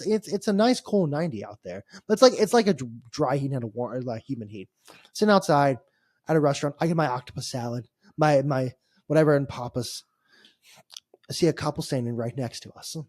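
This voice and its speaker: A man's voice: mid-range voice, brisk, no echo, studio quality. An American man, a young adult, co-hosting a podcast and telling a trip story in casual chat, laughing and restarting his sentences. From United States. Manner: animated, laughing storyteller with filler-heavy restarts. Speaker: podcast co-host.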